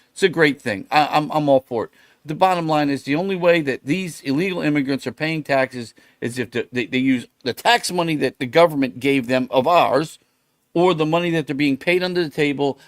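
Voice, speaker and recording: A man's voice: a little high, no room sound. Middle-aged male podcast host, blunt and profane, ranting in casual talk, dry studio sound. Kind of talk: casual political rant.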